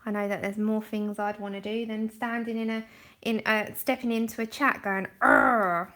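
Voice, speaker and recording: A woman's voice: mid-range voice, little pitch movement, moderate pace. A woman hosting a livestream, chatting casually while explaining her colouring steps and thanking viewers by name. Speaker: livestream art host.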